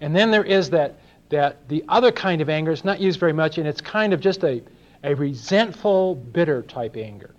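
Older preacher from LA, slightly high voice, chatty and questioning, lo-fi tape. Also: male voice, animated, normal speed. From Los Angeles. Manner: conversational, asks the congregation questions, acts out little dialogues. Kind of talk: sermon. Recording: dull lo-fi sermon recording.

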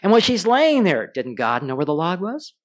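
A pastor delivers a sermon at a moderate pace, his high-pitched voice swinging widely in pitch. He tells stories and puts questions to the congregation.

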